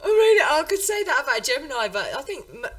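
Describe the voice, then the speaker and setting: Chatty, lively English woman host from Birmingham. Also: sits high, fast, recorded from a distance. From England. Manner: chatty, laughs often. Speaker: podcast host. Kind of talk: casual interview chat.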